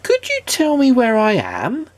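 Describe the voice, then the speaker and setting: A man's voice: very high voice, huge pitch swings, a little slow, no echo, pitched above the performer's own voice, heavily acted. A man doing a timid, stammering kind little man. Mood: polite. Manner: stammering, nervous.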